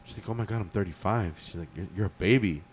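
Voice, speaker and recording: A man's voice: low voice, fast talker, a little hiss or hum. A man, co-hosting a podcast and telling a story in a rambling, laid-back way. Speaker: podcast co-host. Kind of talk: casual chat, storytelling.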